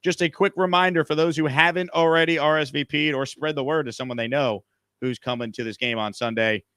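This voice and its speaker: A man's voice: on the high side, fairly even intonation, brisk, bright, forceful tone, clean tone, dry recording, clean studio sound. A man hosting a casual live stream from a hotel room, upbeat and reading out viewer comments. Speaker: show host.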